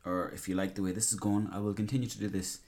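A man's voice: fairly low pitch, little pitch movement, quick pace, darkish tone. Rambling, sweary Irish man. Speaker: podcast host. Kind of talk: casual rambling monologue.

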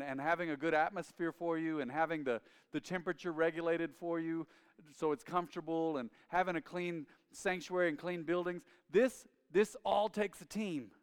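A man preaching a sermon as a pastor, telling family stories in an animated way and acting out his father's lines loudly. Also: a little high, clear, resonant tone. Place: church sanctuary. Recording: reverberant church sanctuary.

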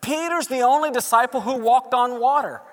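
High, bright-voiced preacher in a reverberant hall. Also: male voice, moderate pace. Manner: animated, acts out quoted voices. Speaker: pastor. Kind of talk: sermon.

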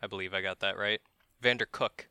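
A man's voice: lowish voice, fairly even intonation, fairly quick, sharp tone, clear, resonant tone, no echo. A man hosting a podcast, telling a true-crime story as casual chat, profane and wry, chuckling at grim details.

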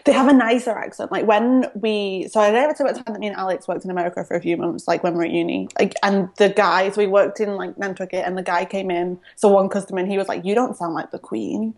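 A woman's voice: medium pitch, steady tone, quick pace, hardly any pauses, a little mellow. A young woman with a Manchester accent, a guest chatting casually on a podcast, laughing often and using many fillers. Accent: Northern English, Manchester. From England. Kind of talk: casual interview chat.

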